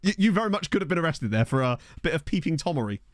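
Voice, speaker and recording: A streamer talks to his live chat from a cramped bedroom, rambling and laughing as he tells stories. His pitch bounces around a lot, and the close desk mic sounds dry with no room echo. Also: very fast. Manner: animated, rambling storyteller who laughs often. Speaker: streamer playing a football management game. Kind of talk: casual chat with live viewers. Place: small bedroom. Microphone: desk USB microphone.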